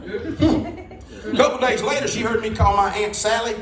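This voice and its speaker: A man's voice: high voice, steady tone, fast, over a noisy crowd, very noisy. A man doing a stand-up comedy set, telling rambling folksy stories with punchlines. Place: comedy club stage before a live audience. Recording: roomy club, distant mic, audience laughter.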